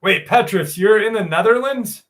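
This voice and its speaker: A man's voice: sits high, animated, moderate pace, a bit bright. A man hosting a live stream, chatting casually with viewers by name, swearing freely, and reading out a story.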